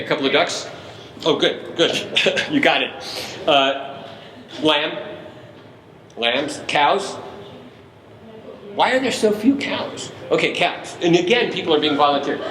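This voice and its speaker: A man's voice: a little high, fairly bright tone, a little hiss or hum. A man leading a family concert, playfully coaching the audience to make animal sounds on cue and imitating them himself. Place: large concert hall. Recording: echoey hall recorded from far off.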